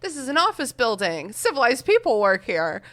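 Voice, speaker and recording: A woman's voice: on the high side, big pitch swings, moderate pace, fairly bright tone. A woman doing a prim, fussy old lady voice. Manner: prim, lecturing. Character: stern fussy older woman office worker.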